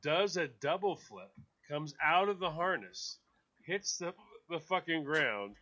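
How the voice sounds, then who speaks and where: Male co-host, casual banter, animated storyteller with a bright, lively delivery and frequent swearing. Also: a little high, measured pace, muffled recording. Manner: animated storyteller, acts out a dog's voice, swears freely. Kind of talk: casual radio chat.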